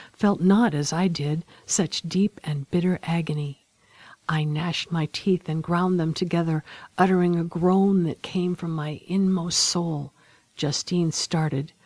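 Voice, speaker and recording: A woman narrating a classic novel aloud in a solemn, measured, dramatic manner. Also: lowish voice, darkish tone, dry recording. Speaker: audiobook narrator.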